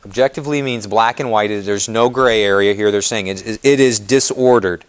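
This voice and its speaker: A man of medium pitch talks casually to a parish group as their priest. He leans on repeated phrases and soothing "just calm down" lines, and checks in with the audience again and again. Between points he throws questions to the room and picks up their answers. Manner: casual, conversational teaching, often checks in with "okay". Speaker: Catholic priest. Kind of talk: parish presentation to a live audience.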